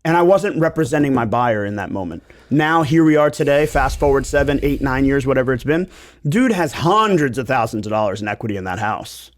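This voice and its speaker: Animated man, a real-estate podcast host. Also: medium pitch, fairly quick. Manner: animated, rambling, jokey. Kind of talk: casual podcast chat.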